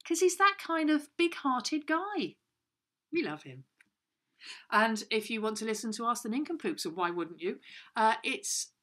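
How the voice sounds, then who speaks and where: A woman's voice: fairly high pitch, a bit bright. A woman telling a silly, rambling story for children, with playful voices and lots of restarts. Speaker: children's show co-host. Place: home.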